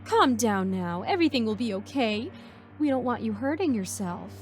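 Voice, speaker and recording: A sickly-sweet, creepy caretaker woman, put on by a female narrator, with a high, sing-song lilt. She talks in a soothing, motherly way, every line calm and reassuring over faint background music in a storybook horror reading. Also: moderate pace, lightly acted. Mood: sweetly sinister.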